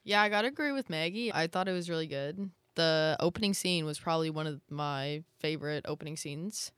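Relaxed young woman, lowish voice. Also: brisk, smooth, no room sound. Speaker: podcast co-host. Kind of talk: casual film review chat.

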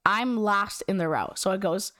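A young woman telling a story in casual, animated chat, slangy and giggly with lots of "like". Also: mid-range voice, normal speed, no room sound, clean studio sound.

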